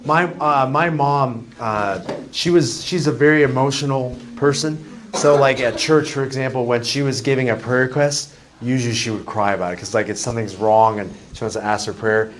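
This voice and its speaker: A man's voice: mid-range voice, normal speed. Male math teacher, chatty and self-deprecating, noisy classroom capture.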